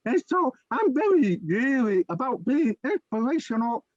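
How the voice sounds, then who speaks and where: A man with the speech of a deaf person, co-hosting a casual chat and telling lively stories. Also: moderate pace, no echo, dull audio. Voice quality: deaf speech that listeners hear as unusual. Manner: animated storyteller, swings his pitch widely. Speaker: podcast co-host.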